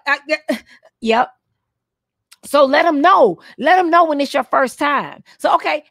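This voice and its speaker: Peppy, high-pitched woman coaching teachers. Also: animated, unhurried, pauses often, a bit bright, no echo, studio quality. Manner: preachy and playful, with punchy repeated phrases. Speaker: teacher coach hosting a live stream. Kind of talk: motivational live-stream talk to teachers.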